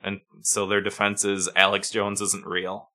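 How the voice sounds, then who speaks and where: A man's voice: lowish voice, completely flat delivery, unhurried, sharp tone. A man co-hosting a podcast, telling stories animatedly and swearing freely in casual chat. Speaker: podcast co-host.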